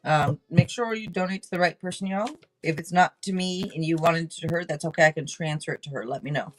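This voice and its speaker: A woman hosting a live tarot reading stream, talking in an excitable, rambling way and swearing casually. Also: deep voice, quick pace, soft background music, poor audio.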